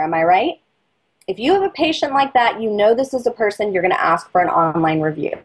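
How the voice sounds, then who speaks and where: Middle-aged woman, marketing consultant guest; breathy-husky edge, animated persuasive delivery. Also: medium pitch, low-quality recording. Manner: lively and persuasive, acts out patient and dentist dialogue. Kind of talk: energetic interview talk, coaching advice.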